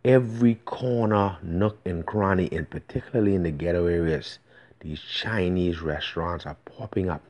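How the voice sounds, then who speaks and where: Deep-voiced Bahamian man, urgently pleading. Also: normal speed, darkish tone. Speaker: voice-note sender. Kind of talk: voice message monologue.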